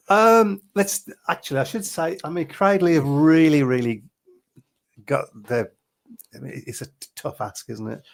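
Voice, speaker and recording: Gravelly-voiced man hosting a podcast. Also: fairly high pitch. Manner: chatty, chuckles often, reads out messages. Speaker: podcast host reading listener messages. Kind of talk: casual chat.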